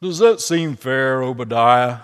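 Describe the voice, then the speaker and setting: A man's voice: mid-range voice, expressive, unhurried, a bit bright, clean tone, pitched above the performer's own voice. A man voicing a kindly older Quaker miller who talks in a folksy, considered way, in a room with a long echo. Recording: echoey room with long reverb.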